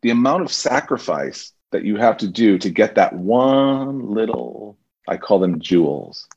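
A man, a stage actor and teacher, telling animated anecdotes as a podcast guest. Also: on the low side, measured pace, lo-fi sound, slight background noise. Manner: animated anecdotes, acts out quoted voices. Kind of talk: casual interview storytelling.

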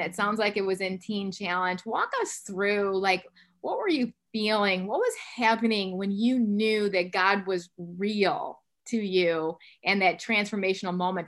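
Chatty woman podcast host in her fifties. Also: mid-range voice. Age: 50s. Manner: chatty, warm-hearted asides with many fillers. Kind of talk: conversational interview.

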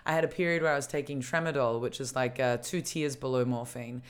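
A woman from Australia co-hosting a podcast, rambling in casual chat with frequent restarts and quick laughs. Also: extremely low pitch, steady tone, clear, resonant tone. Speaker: podcast co-host.

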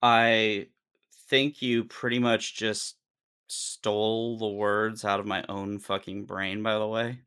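A man's voice: fairly low pitch, little pitch movement, slow, a bit bright, clear, resonant tone. A man in a candid, casual conversation who rants with exasperation and swears often.

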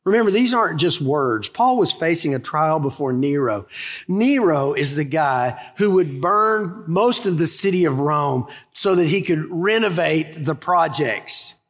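A high-voiced male pastor delivering a sermon in a hall with a long echo. He preaches with emphasis, drawing out key phrases and then rushing through light asides. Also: expressive. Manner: emphatic, storytelling preacher, shifts between slow stress and quick asides.

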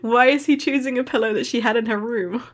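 A woman's voice: a little high, a little fast. A woman co-hosting a book podcast in a casual chat, joking and laughing often. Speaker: podcast co-host.

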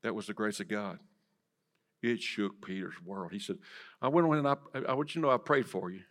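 A man preaching a sermon in church, swinging from loud to hushed and asking the congregation direct questions. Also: fairly low pitch, fairly quick. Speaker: pastor. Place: church sanctuary.

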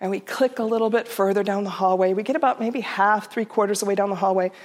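A middle-aged woman telling a personal story to an audience, heartfelt and unhurried, sometimes dropping to a soft near-whisper. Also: mid-range voice, steady tone. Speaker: storyteller speaker.

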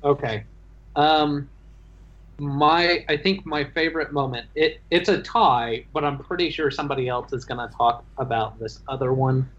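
A man, the dungeon master, chatting about his tabletop game session in a halting, restarting way. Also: mid-range voice, fairly bright tone. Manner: halting, stumbling restarts, laughs while telling. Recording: dull lo-fi sound.

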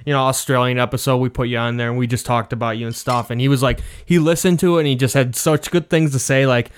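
Chatty smooth-voiced podcast guy. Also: mid-range voice, steady tone, fast. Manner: eager storyteller, loose and chatty. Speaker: podcast co-host. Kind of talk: casual chat.

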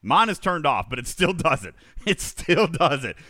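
Man, livestream host; lively swinging pitch, bright edge, casual rambling chat. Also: moderate pace, dry recording, clean studio sound. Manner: animated, rambling, reads out chat questions.

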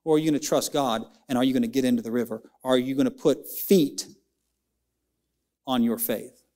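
A man's voice: steady tone, mellow. A young adult man preaching a sermon in a church, rising and falling dramatically, stretching words out for emphasis. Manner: preaching with big swings of pitch, dramatic slowdowns. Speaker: pastor. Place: church sanctuary.

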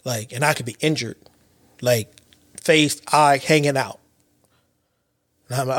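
A podcast host in his late thirties delivers a casual, reflective monologue in a mid-range voice, unhurried and pausing often. He's an animated storyteller who repeats himself and uses slang, recorded at studio quality with no room sound.

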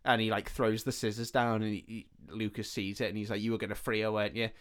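A man's voice: fairly low pitch, little pitch movement, fast, fairly bright tone, clear, resonant tone. A man, a podcast host casually retelling a film's plot and acting out the characters' lines. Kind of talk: casual film recap chat.

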